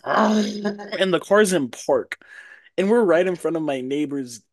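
A man's voice: sits high, slow pace, dry recording. Laid-back young man, dry close sound. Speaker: podcast co-host. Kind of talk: casual chat.

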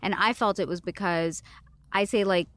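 Woman, 30s, casual chat, frank, animated, filler-heavy, dry close sound. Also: medium pitch, normal speed, dry recording.

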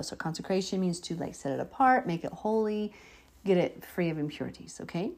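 Woman Bible teacher, earnest and preachy, husky mellow voice, casual sermon delivery. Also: fairly low pitch, lively intonation, quick pace. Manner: earnest, preachy, chokes up emotionally.

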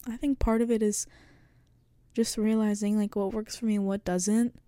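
A late-teen woman hosts a casual solo podcast, thinking out loud into a close studio microphone in a rambling, reflective way full of fillers. Her mid-range voice is mellow and soft-edged with a level tone and moderate pace, and the recording is dry with no echo or room sound.

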